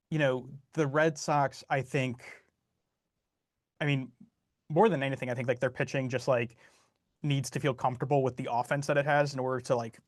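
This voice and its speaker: A man's voice: mid-range voice, no room sound. Guy on a sports podcast, says like constantly, stops and starts, dry close sound. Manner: halting, heavy use of "like", frustrated. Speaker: podcast co-host. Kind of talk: casual sports chat.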